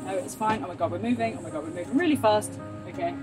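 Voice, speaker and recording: A woman's voice: mid-range voice, fast talker. Casual young woman vlogger, chatty and jittery, faint music behind. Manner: chatty, nervous, laughs often, exclaims a lot. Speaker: farm vlogger. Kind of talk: casual vlog talk to camera. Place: tractor cab in a farm shed.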